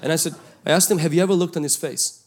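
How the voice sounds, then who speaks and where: A male pastor, preaching a sermon and telling a story from his youth, swinging between loud calls and hushed asides. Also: a little high, quick pace. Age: 20s at the time of the story, now older.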